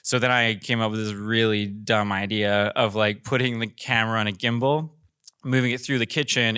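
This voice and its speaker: A commercial director talks casually on a panel, with lots of fillers and a rambling way of telling his story. His voice sits a little low but sounds bright and smooth. The sound is dry and close. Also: no echo. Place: theater.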